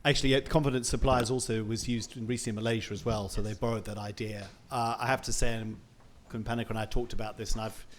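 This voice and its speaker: A man moderating a panel discussion, talking in a relaxed, halting way with fillers. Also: lowish voice, a little hiss or hum.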